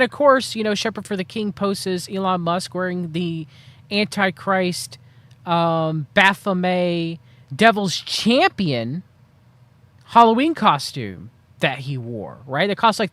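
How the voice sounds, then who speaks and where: High-voiced man rambling to his chat. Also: lively intonation, measured pace, a bit bright, no room sound. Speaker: livestream host. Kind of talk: casual commentary to chat.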